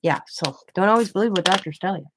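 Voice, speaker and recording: A woman's voice: medium pitch, fast, background noise. A woman in her forties, a craft channel host, telling a rambling family story in casual chat. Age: 40s.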